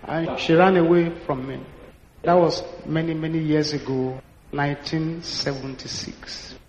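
A Nigerian man in his sixties, a pastor telling stories in an animated sermon and acting out the dialogue. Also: fairly high pitch, a little slow, crowd noise. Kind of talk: sermon storytelling. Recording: echoey hall, dull lo-fi sound.

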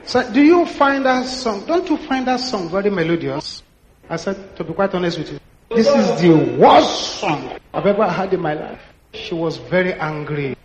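A Nigerian man in his sixties, a pastor telling stories in an animated sermon and acting out the dialogue. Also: high voice, moderate pace, noisy background. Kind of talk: sermon storytelling. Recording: echoey hall, dull lo-fi sound.

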